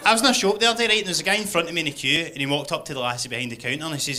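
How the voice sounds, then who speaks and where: Scottish male stand-up, sharp bright tone, slightly higher voice, chatty and conspiratorial. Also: rapid-fire, hardly any pauses. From Scotland. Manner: chatty, conspiratorial, rhetorical asides. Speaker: stand-up comedian. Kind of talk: stand-up comedy set.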